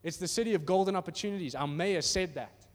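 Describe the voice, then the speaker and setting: A man preaching a sermon in a church hall in an animated, conversational way, often asking "are you with me?". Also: sits high, quick pace. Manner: animated and conversational, acting out little voices, asks "are you with me?". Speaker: pastor. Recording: reverberant hall.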